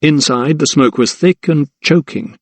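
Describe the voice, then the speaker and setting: A man's voice: a little high, measured pace, no echo. Man reading a suspenseful mystery. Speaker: audiobook narrator. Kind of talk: scripted narration.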